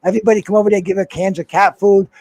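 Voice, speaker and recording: A man with a high voice tells a meandering story, stumbling over words and swearing freely. The sound is close and dry, with almost no room behind it. He talks like a guest chatting on a call-in show. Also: little pitch movement, rapid-fire, darkish tone, no room sound. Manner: rambling, heavy swearing, repeats words.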